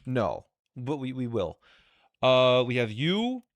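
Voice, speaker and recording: A man doing live gameplay commentary, reasoning out loud with eager bursts and repeated phrases. His voice sits at a middle pitch. The sound is dry and close. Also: slow, dry recording, dull audio. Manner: thinks aloud excitedly, repeats himself. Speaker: streamer.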